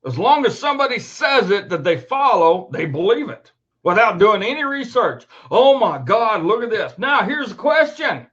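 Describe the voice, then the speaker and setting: A man's voice: sits high, sing-song, moderate pace, fairly bright tone, husky. A man hosting his own show, ranting angrily and swearing emphatically in an indignant tone. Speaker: host. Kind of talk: angry commentary rant. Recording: dull lo-fi recording.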